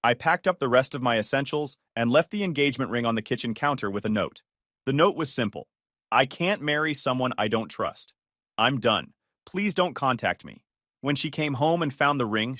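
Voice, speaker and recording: A man giving a scripted first-person story narration in a measured, firm way. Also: medium pitch, a bit bright, no room sound, clean studio sound.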